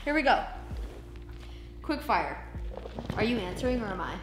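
A woman asking quick-fire questions in a playful, bubbly, giggly manner during a casual chat. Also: medium pitch, sing-song. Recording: roomy sound with music behind.

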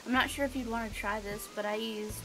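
This Alabama streamer has a bright, somewhat high voice and a steady tone, talking briskly over soft background music. Chatty and full of ums and likes, she reads her viewers' messages aloud in her Southern accent while chatting through a casual gameplay stream.

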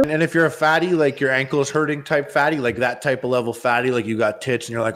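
A young man co-hosting a podcast, telling crude stories and ranting loudly with lots of swearing. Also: medium pitch, flat delivery, quick pace. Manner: loud, rowdy, profane rants and storytelling. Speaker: podcast co-host. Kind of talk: crude casual podcast banter.

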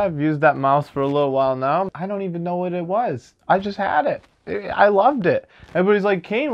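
This young vlogger's high voice comes through on dull audio as he runs a casual unboxing video. He's animated and jokey throughout, making fun of himself while he talks.

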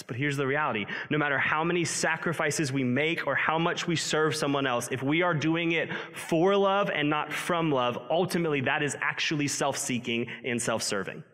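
A man's voice: mid-range voice, fairly bright tone. A male pastor giving a sermon in a conversational, earnest way, with self-deprecating asides, in a church sanctuary. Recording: long hall reverb.

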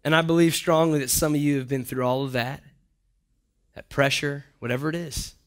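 A young adult man preaching a sermon, telling stories with animation and dropping to a hushed voice for serious points. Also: a little high, steady tone, fairly quick. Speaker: pastor.

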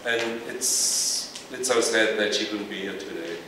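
A low-voiced man speaks earnestly in a halting tribute. He is heard from far back in a large hall with a long reverb tail and clear background noise. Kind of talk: tribute speech. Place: large ceremonial big house.

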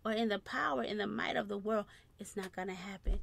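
A woman preaching a sermon, constantly breaking in with short praise phrases and dropping to soft murmurs between points. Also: mid-range voice, fairly quick, gravelly, a little hiss or hum.

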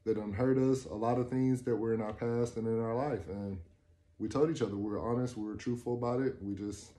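A man in his twenties casually telling a personal story to the camera, acting out quoted dialogue with rising excitement. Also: mid-range voice, a little fast. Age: 20s. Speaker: vlogger.

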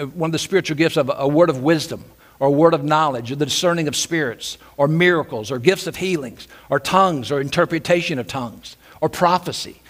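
Animated preaching man. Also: fairly high pitch. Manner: animated preaching, acts out shouted quotes, repeats phrases. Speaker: pastor. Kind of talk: sermon. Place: church sanctuary.

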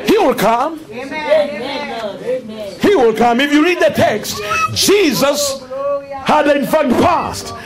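A man preaching a fervent sermon in a church, often shouting. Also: very high-pitched, lively intonation, slow pace, long pauses, over music. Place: church with congregation. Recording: congregation responding behind.

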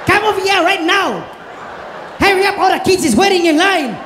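A man's voice: very high-pitched, expressive, moderate pace, fairly bright tone, roomy sound, long reverb tail, slight background noise. A man doing a cranky custodian Santa. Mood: scolding. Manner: scolding, threatening. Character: grumpy male custodian playing Santa Claus.

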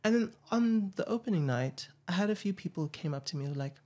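A young man, hosting an interview in a hesitant, reflective way, with frequent pauses and fillers. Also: sits high, expressive, dark tone. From South Africa. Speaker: podcast host. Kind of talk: casual interview chat.

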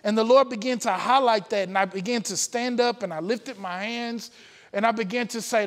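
High-voiced man preaching in echoing church. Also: normal speed, fairly bright tone. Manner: earnest storytelling with frequent "uh" fillers. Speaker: pastor. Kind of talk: testimony sermon. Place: church sanctuary.

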